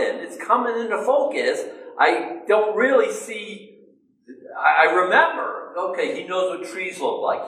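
A man preaching a sermon in a loose, conversational way, asking himself questions and answering them. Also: mid-range voice. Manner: conversational, self-questioning, animated. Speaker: pastor. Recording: echoey room, mic at a distance.

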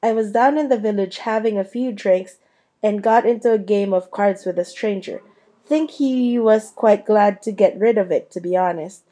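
Woman doing big gruff male groundskeeper, proud, slow homely chatter, mellow dark tone. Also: medium pitch, close to an everyday voice. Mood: proud, chatty.

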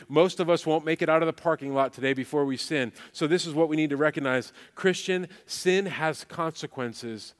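Man, pastor, sermon, emphatic repetition, fairly high pitch, echoing sanctuary. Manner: emphatic preaching with repeated phrases.

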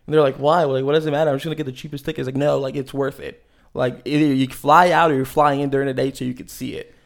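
A podcast guest in his thirties from Maryland talks in a casual interview chat. His medium-pitched voice is flat, quick and creaky, and he rambles with lots of fillers and laughs.

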